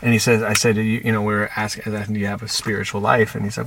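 A man's voice: fairly low pitch, little pitch movement, very fast, vocal fry, hardly any pauses, fairly bright tone, slight background noise. A man on a podcast, a counselor talking reflectively and telling stories about his clients in quoted dialogue. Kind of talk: conversational podcast talk.

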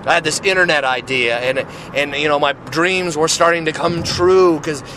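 Recorded on a noisy street with cars going by, a man preaches informally, sharing his Christian testimony in an earnest, rambling way. His voice is a little high and sharp at a moderate pace, and he restarts often, peppering his talk with "right?" and "you know".

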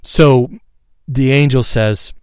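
A man narrating a guided visualization story in a casual way, checking in with "right?" and chuckling softly. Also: mid-range voice, steady tone, takes it slowly, clear, resonant tone, dry recording, clean studio sound.

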